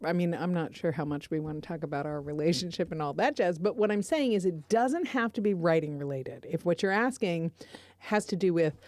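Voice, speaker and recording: Low, mellow-voiced woman co-host. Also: fairly quick, dry recording. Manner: rambling, chatty, laughs often. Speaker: podcast co-host. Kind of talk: casual chat.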